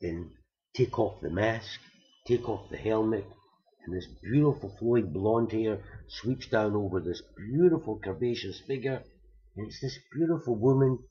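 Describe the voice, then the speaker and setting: A man telling long jokes, building them slowly with repeated phrases, on a dull recording. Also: fairly low pitch, lively intonation, mellow. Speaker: comedian. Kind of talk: stand-up joke telling.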